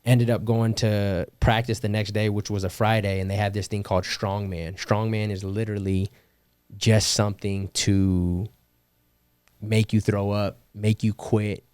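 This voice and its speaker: A young man from California, appearing as a podcast guest, tells his story in slangy, casual talk, swearing, quoting people and bursting into laughter often. His voice is fairly low, level, a little slow, darkish, clear and resonant, with no echo.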